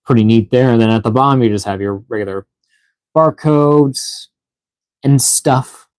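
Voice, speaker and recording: A man's voice: mid-range voice, a little slow, darkish tone, no room sound. Tired rambling man on a live stream. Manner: rambling, filler-heavy, reads chat aloud. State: tired, yawning, out of breath. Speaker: toy unboxing live streamer. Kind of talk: casual live stream chat.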